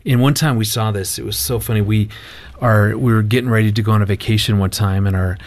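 Lively man telling a family story. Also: lowish voice, fast talker, dry recording. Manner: animated storyteller, laughs often, quotes himself. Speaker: marriage ministry guest. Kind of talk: storytelling on a talk show.

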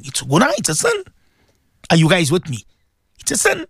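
Radio preacher, male, high voice that swings widely, emphatic and repetitive, dry close sound. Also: wildly swooping pitch, normal speed, pauses often, fairly bright tone, slightly rough, dry recording. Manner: emphatic, repetitive, quizzing listeners. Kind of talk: radio religious talk.

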